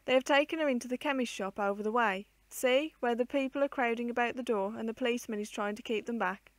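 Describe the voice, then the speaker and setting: A woman reading aloud, voicing a kindly old gentleman who explains things calmly, in a dry room. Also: a little high, fast talker, no room sound, lightly acted. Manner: kindly, calm.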